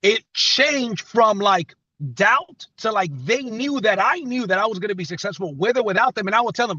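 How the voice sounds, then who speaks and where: High, bright-voiced man giving a pep talk. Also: normal speed, dry recording, dull audio. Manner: emphatic, repeats phrases for effect, stumbles and restarts. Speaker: company leader on a team call. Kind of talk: motivational pep talk on a live call.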